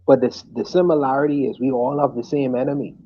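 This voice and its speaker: A man from the Bahamas, calmly explaining his view in a radio debate. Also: medium pitch, lo-fi sound, a little hiss or hum. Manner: measured, repetitive restarts, explanatory. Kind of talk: heated debate.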